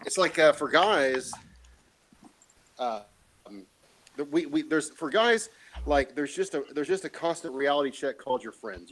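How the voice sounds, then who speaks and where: A man's voice: fairly high pitch, lively intonation, measured pace, pauses often, a bit bright, rough recording. A man in casual chat, rambling and opinionated, with lots of fillers and swearing.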